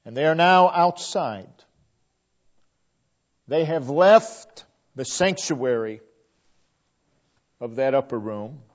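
Slow, dynamic male preacher, lo-fi. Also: mid-range voice, expressive. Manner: dynamic preaching, swelling emphasis then dropping to hushed line endings. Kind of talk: sermon.

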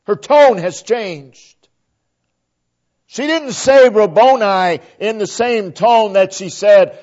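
A man preaching a sermon, dramatic and repetitive, swinging between loud emphasis and hushed near-whispers. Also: high-pitched, animated, slow pace. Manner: repeats phrases for emphasis. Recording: dull lo-fi recording.

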